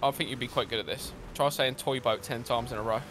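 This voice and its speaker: A man's voice: medium pitch, fast talker. A young man joking around with friends during an online race. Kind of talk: casual gaming banter. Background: loud game music.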